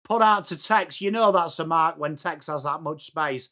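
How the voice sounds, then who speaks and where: English man, fan match commentary, chatty and excitable, bright forceful voice, slightly high. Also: normal speed. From England. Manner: chatty, excitable, breaks into shouts at big plays. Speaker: host of a fan watchalong.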